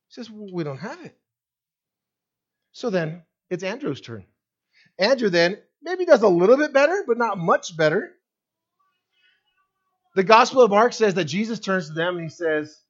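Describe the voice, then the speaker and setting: A pastor preaching with animated delivery, his voice leaping up and dropping low as he acts out the people in his story. The sound is a little dull and muffled, like a modest church podcast recording. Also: moderate pace. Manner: animated preaching with acted-out quotes. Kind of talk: sermon.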